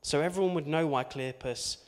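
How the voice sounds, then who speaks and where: A man's voice: on the high side, fairly quick. A man preaching an informal sermon, conversational and chatty, with asides and tag questions.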